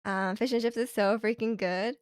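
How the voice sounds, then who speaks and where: A woman's voice: fairly high pitch, steady tone, moderate pace, smooth, dry recording, clean studio sound. A young woman streaming from Canada, telling a rambling, chatty story full of fillers and restarts. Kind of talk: casual chat. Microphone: streaming microphone.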